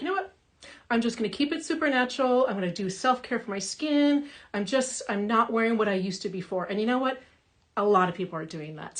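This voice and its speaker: Chatty upbeat woman makeup artist, bright voice. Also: on the high side. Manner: chatty, upbeat, reads viewer comments aloud, frequent fillers. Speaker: makeup artist hosting a live session. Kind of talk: casual live-stream talk. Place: home in Minnesota.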